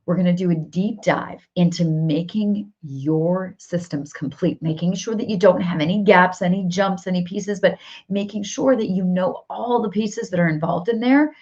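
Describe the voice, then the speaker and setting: A woman's voice: fairly low pitch, normal speed, a little mellow. A woman business coach leading a live workshop, upbeat and encouraging, repeating phrases for emphasis. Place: home office with whiteboard. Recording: slightly dull lo-fi audio.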